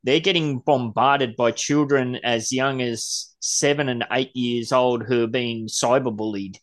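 A man's voice: medium pitch, fairly even intonation. Chatty Australian man hosting a podcast. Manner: chatty, rambling, quick to laugh. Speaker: podcast host. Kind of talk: casual podcast chat.

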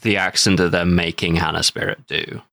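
A man's voice: sits low, flat delivery, moderate pace, creaky, pushed and bright. A man co-hosting a podcast, adding wry asides in casual banter. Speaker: podcast co-host.

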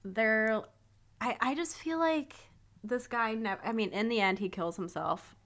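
A woman co-hosting a casual podcast, retelling a story in an animated, profane way and slipping into quoted voices. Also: fairly high pitch, a little slow. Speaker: podcast co-host.

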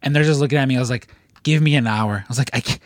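A man's voice: medium pitch, rapid-fire, dry recording, clean studio sound. A man in casual podcast chat, telling loose, easygoing stories. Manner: easygoing storyteller, loose and rambling.

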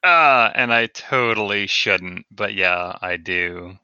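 Deep gravelly man, sharp edge to the voice, hesitant and self-deprecating, muffled dry recording. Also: takes it slowly, no echo. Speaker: podcast co-host. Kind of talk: casual chat. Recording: dull, slightly lo-fi dry sound.

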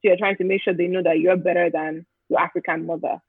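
A man's voice: high-pitched, level tone, quick pace, vocal fry, breathy edge, dry recording. A man joining a casual talk show with wry commentary, heard over a tinny phone-like line. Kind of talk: casual chat.

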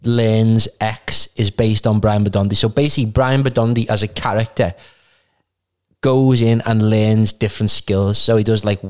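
A man co-hosting a casual podcast chat, easygoing and prompting, pitching ideas. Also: steady tone, moderate pace. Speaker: podcast co-host.

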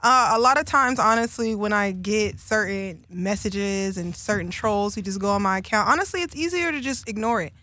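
A woman guest on a podcast, speaking calmly and supportively in casual chat. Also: mid-range voice, normal speed, few pauses, dry recording.

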